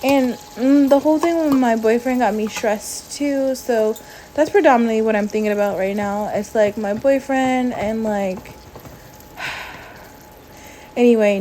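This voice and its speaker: A stressed, emotional woman talking softly in a casual vlog voiceover, sighing often and filling her talk with "like.". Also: on the high side, slight background noise, rough recording. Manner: soft, sighing, frequent "like" fillers. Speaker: vlogger. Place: at home, lying down. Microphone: voiceover mic.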